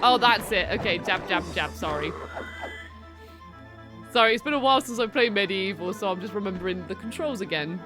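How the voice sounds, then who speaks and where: A woman's voice: medium pitch, fairly quick. A woman casually chatting as a streamer, reading chat aloud and playfully talking to the game. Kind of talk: casual live game commentary. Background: game music.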